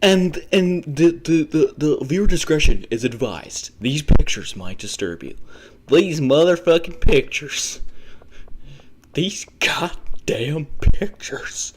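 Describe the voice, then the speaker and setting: A man's voice: a little high, big pitch swings, background noise, pitched above the performer's own voice. A man doing a mock-ominous shock announcer. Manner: slow, swooping, mock-ominous delivery with stutters and swearing. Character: overdramatic male announcer issuing shock warnings. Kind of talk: joking live-stream bit.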